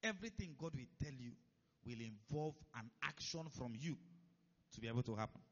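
A pastor with a mid-range, expressive voice preaches a sermon at a brisk pace, repeatedly pausing to make sure his listeners are keeping up. The recording is dull and lo-fi.

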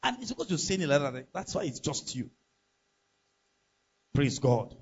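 Pastor, emphatic sermon, husky voice, muffled lo-fi recording. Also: male voice, a little high, big pitch swings, moderate pace. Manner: emphatic, preaching with rhetorical questions to the congregation.

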